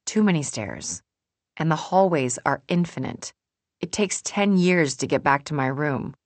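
A young woman reads a first-person novel with wry, sardonic introspection. Her voice sits low, and the close studio recording is dry with no room sound. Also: no room sound. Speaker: audiobook narrator. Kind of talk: first-person scripted narration.

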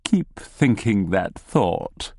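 Sly, secretive male gnome, slow and hushed, dry close read, acted by a man. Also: on the low side, big pitch swings, dry recording, exaggerated voice. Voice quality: slow, deliberate, hushed delivery. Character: sly, cryptic male gnome, a pub regular.

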